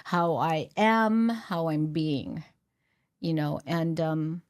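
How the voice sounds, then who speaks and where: A woman's voice: low voice, slow, a little mellow, clean tone, dry recording. Earnest middle-aged woman, dry sound. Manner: earnest, reflective, with many fillers and restarts. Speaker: podcast guest, author. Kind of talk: candid conversational interview.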